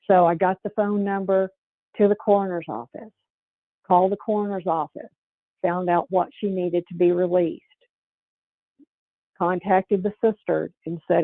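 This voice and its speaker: A woman's voice: lowish voice, fairly even intonation, normal speed, pauses often, no echo. A woman giving a sales training presentation and telling a personal story, talking in an earnest, conversational way with repeats and restarts. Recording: dry, tinny phone-like sound.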